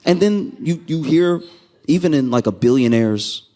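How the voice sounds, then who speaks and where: Animated stand-up comedian man. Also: normal speed. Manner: animated storytelling, acts out quoted people with sudden pitch jumps.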